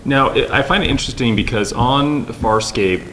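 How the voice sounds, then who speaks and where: A man moderates a convention panel in an ordinary mid-range voice. He rambles through his questions, thinking out loud. Steady noise runs under him. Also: medium pitch, normal speed, low-quality recording.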